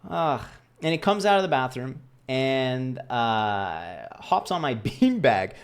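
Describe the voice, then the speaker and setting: A man's voice: mid-range voice, big pitch swings, slow, clean tone. A young man casually telling a story to camera in a rambling, self-deprecating way, acting out the voices of the people he quotes. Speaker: vlogger.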